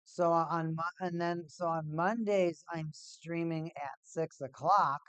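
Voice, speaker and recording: Steady, slow and resonant, this slightly high-voiced man hosts a hockey watch-party stream in a fairly bright tone, rambling casually and repeating himself. The sound is clear, dry and close, picked up by a home desk mic without room echo.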